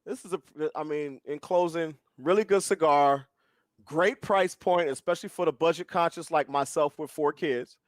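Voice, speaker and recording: Casting: middle-aged male podcast co-host, loose, jokey and profane, voice sits a little high, dry booth sound. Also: normal speed, no echo. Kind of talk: casual chat, cigar review.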